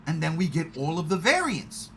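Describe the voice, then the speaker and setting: A man chatting casually in a movie review, excitable and swearing often. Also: fairly high pitch, normal speed, creaky, slight background noise. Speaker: podcast host.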